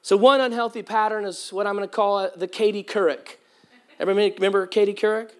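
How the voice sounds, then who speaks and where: Preaching as pastor, a man shares humorous stories with his congregation in an animated style. He's a fast talker with a high-pitched, clear and resonant tone that sometimes cracks.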